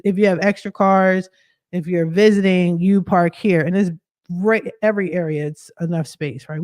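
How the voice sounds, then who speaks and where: A woman's voice: on the low side, dry recording, studio quality. Chatty woman telling a story on a livestream. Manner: chatty, animated, multitasking while talking. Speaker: credit expert livestreaming. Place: living room at home.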